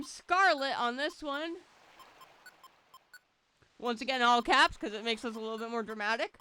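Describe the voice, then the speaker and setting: A woman's voice: on the high side, animated, normal speed, pauses often, sharp tone, a little hiss or hum. A young woman giving casual, jokey commentary while playing a game, with mild swearing. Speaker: let's play gamer.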